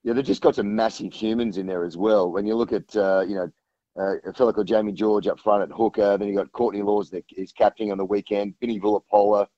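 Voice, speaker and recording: A lower-voiced man chats about rugby on a sports radio show, circling his points with plenty of restarts and fillers. His voice comes through a dull, muffled line that sounds very dry. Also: steady tone, fast, warm tone, dry recording. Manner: rambling, many restarts and fillers. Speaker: rugby guest on the phone. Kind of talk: casual radio chat.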